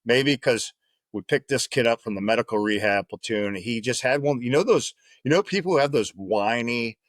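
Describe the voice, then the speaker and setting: A man spins a loose, profane story in a casual interview, circling back with "right?" at the end of his thoughts. His voice sits at an everyday middle pitch. The sound is close and dry. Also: animated, moderate pace, no room sound. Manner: profane, rambling, tag questions like "right?". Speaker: podcast guest, former Marine.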